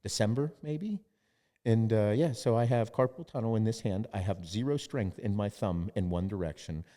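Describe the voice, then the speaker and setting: A man's voice: fairly low pitch, normal speed, warm tone, big-room sound. A man hosting a podcast, telling a story in casual chat and quoting others, with lots of swearing. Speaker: podcast host.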